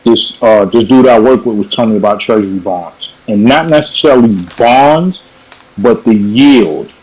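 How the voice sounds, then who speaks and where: A man's voice: mid-range voice, normal speed, darkish tone, low-quality recording. A man from New York on a video call, telling a story in a casual panel chat and correcting himself as he goes. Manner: rambling, self-correcting storyteller.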